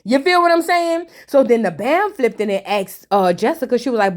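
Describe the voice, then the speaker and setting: A woman's voice: fairly high pitch, animated, moderate pace, hardly any pauses. A woman talking through a reality show recap in a casual, sassy way. Her talk is slangy and full of chatty asides aimed straight at her viewers.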